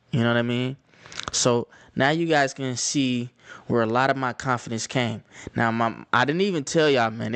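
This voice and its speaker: A man's voice: mid-range voice, fairly bright tone, clean tone, no echo. Casual Atlanta man talking to camera. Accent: Atlanta Southern US. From Atlanta, Georgia, US. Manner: conversational, repeats phrases, loose slang. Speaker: vlogger.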